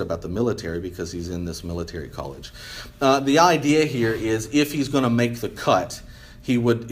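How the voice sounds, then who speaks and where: A man giving a casual history lecture, rambling with many fillers and often asking "right?". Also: lowish voice. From United States. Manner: rambling, many ums and restarts, asks "right?". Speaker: history teacher.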